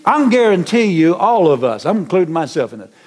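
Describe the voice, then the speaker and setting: A middle-aged man preaching a sermon as pastor, animated, with many repetitions and restarts. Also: sits high, fast.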